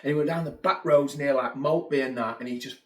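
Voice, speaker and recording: A middle-aged man, a former footballer telling animated stories as a podcast guest and acting out what people said. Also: mid-range voice, quick pace. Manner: animated anecdotes, acts out quotes. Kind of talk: casual storytelling chat. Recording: roomy echo.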